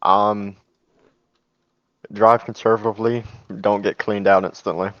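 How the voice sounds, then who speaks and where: A man's voice: fairly low pitch, level tone, measured pace, a bit bright, dull audio. A man answering tersely as a race driver interviewed on a broadcast.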